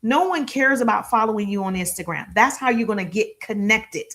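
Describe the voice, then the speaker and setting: A middle-aged woman, a sales and marketing business coach, giving an energetic live-streamed coaching talk that often acts out little dialogues. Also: a little fast. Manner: energetic, repetitive, acts out little dialogues with high-pitched voices.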